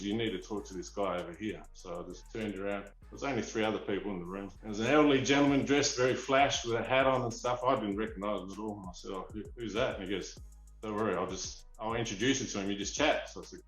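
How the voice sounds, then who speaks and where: A man's voice: fairly low pitch, roomy sound, low-quality recording. A man from Australia with an Australian accent, a collector telling rambling, eager stories in a casual interview. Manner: eager, rambling, restarts often. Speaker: figurine collector, guest.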